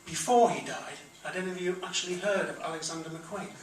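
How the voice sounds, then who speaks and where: A man's voice: high-pitched, fast, a loud crowd. A man with a Geordie accent doing a blunt, crude stand-up comedy set in a comedy club, with the audience laughing. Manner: blunt, crude punchline delivery. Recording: roomy club recording from far off.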